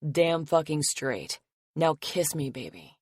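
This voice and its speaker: A woman voicing a protective, possessive young man who curses casually and grumbles low. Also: sing-song, takes it slowly, a little mellow, no room sound, clean studio sound, full character voice. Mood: tender. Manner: gruff, curses casually, drops his voice low.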